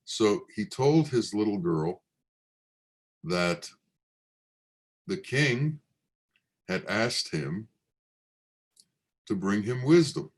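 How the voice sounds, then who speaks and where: A man with a low voice tells a teaching parable very slowly and deliberately. He speaks as a spiritual teacher, taking his time over each line. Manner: slow, deliberate storytelling.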